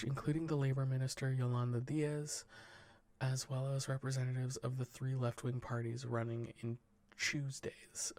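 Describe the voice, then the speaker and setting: A man softly reading the news into a close mic in a whispered, ASMR way, stumbling over words and breaking off for dry, jokey asides. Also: medium pitch, gravelly, no room sound.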